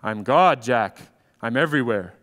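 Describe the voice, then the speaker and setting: A man voicing God as a calm, patient presence, speaking low and gently firm in an echoey hall. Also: moderate pace, lightly acted.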